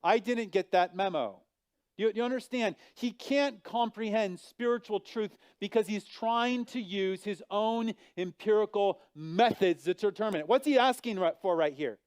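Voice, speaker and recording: Animated preacher with a smooth voice. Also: male voice, moderate pace, few pauses, no echo. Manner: animated, acts out voices of biblical figures with big pitch and volume swings. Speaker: pastor. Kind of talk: sermon.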